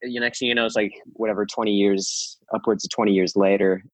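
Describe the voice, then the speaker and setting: A man in his fifties, a guest who drifts through his stories with plenty of false starts and quick laughs. His voice is husky and breathy, recorded dry with no room sound. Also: on the low side, fairly even intonation, no room sound. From California. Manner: rambling, many restarts, laughs easily. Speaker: guest musician. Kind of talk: casual interview chat.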